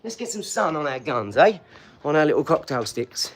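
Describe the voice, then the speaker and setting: A middle-aged man hosting a live stream, talking in loud, hyped, streetwise banter. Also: a little high, very animated, moderate pace, a little hiss or hum. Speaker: livestream host. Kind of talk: casual live-stream chat.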